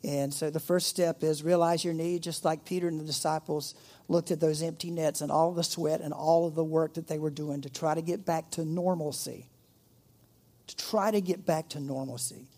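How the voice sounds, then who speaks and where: A man's voice: fairly high pitch, fairly even intonation, normal speed, mellow. A middle-aged man preaching a sermon, reading scripture aloud and breaking off into playful jokes and asides. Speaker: pastor.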